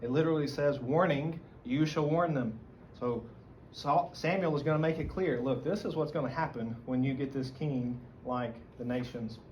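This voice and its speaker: A man's voice: on the high side, a little mellow. A man with a Southern American accent teaching a church Bible study, reading scripture aloud and explaining it earnestly. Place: church meeting room. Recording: dull lo-fi recording, faint room noise.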